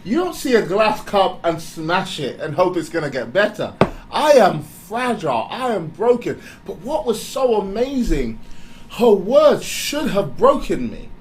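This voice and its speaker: A man giving a candid motivational talk, animated and confessional, often breaking into laughter. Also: high voice, unhurried, a little hiss or hum, low-quality recording. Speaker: speaker.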